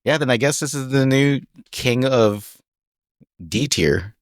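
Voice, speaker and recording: A man's voice: mid-range voice, lively intonation, slow, no room sound, studio quality. A man co-hosting a casual podcast who reads out quiz questions plainly. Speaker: podcast co-host.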